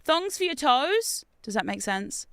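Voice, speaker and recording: An Australian woman streaming a game, chatting casually with viewers in an excitable, talkative way and laughing often. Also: sits high, unhurried, no room sound. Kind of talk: casual gameplay chat with viewers.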